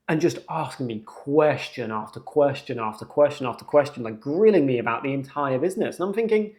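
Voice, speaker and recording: A young man, hosting a podcast and telling a story in a casual, animated, slangy way. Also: medium pitch, fairly quick, hardly any pauses. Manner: animated, slangy, jumps into acted quotes. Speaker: podcast host.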